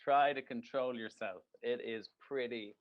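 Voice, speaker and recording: A man co-hosting a casual podcast, rambling along with jokes and a steady stream of swearing. His voice sits at an ordinary middle pitch. The recording sounds dull and lo-fi. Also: a little slow, a crowd in the background. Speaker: podcast co-host. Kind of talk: casual chat.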